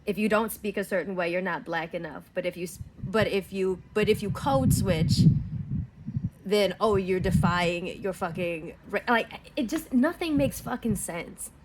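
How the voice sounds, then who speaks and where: A woman's voice: medium pitch, measured pace, background noise. A woman in her thirties with a Southern US accent, delivering a heated, profane rant to camera with emphatic repetition. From Southern United States. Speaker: vlogger. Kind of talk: angry monologue to camera.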